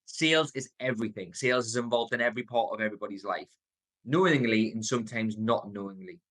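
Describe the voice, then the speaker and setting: A man in his thirties with a Geordie accent, giving a motivational sales coaching talk, stressing words, pausing on purpose and shifting his pace. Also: fairly low pitch, a bit bright. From North East England. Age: 30s. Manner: varies tone and pace, deliberate pauses, emphatic.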